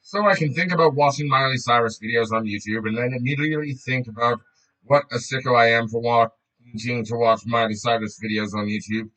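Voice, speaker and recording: A man's voice: medium pitch, a little fast, fairly bright tone, rough recording. A man reading a book aloud in a casual way, often breaking off to joke, swear and laugh.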